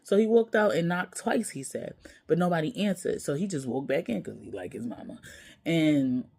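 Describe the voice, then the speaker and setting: A woman with a low, mellow voice tells a personal story straight to camera. She talks as a mother, blunt and emotional, and swears casually. The delivery is candid and unpolished. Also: expressive, moderate pace, vocal fry, slightly rough. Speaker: mother and vlogger.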